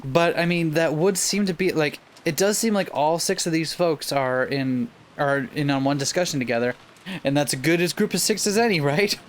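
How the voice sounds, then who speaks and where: A man reading a visual novel aloud for a let's play, then chatting about it in a relaxed, casual way. He trips over words now and then and carries on. A faint hiss of room noise sits under his voice. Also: a little high, normal speed. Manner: reads the script aloud, stumbles over words and laughs it off. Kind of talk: casual playthrough chat, reading game text aloud.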